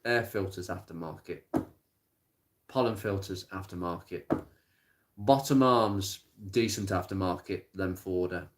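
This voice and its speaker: A man chatting casually on a live stream about car parts, plain-spoken and rambling, with many pauses and restarts. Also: sits low, a little hiss or hum. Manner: rattles off blunt practical advice. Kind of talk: casual live-stream chat answering viewer comments. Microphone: smartphone.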